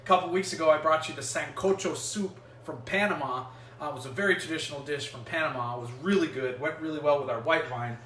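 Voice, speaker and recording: A man's voice: fairly high pitch, fast, fairly bright tone, roomy sound, recorded from a distance, slight background noise. A man from the United States hosting a casual home cooking vlog. He jokes and thinks aloud as he cooks, and drifts away from the mic at times. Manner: chatty and joking, thinking aloud while cooking. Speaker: cooking show host. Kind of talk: casual cooking vlog, talking to live chat. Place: home kitchen, indoors.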